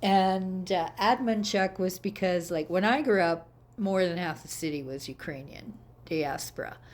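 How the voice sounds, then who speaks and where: A woman's voice: on the low side, a little slow. A Canadian woman from Edmonton with an Albertan accent, chatting casually in a rambling way, full of fillers and restarts. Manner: chatty, rambling, fond of filler and self-corrections. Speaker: vlogger. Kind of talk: casual chat.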